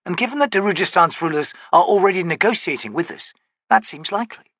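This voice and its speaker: A wry, wary wizard, played by a man reading an audiobook mutters in a raised, lively voice with a husky grain. He sounds sardonic and uneasy. The reading is dry and close. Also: sits high, quick pace, no echo, pitched above the performer's own voice, heavily acted.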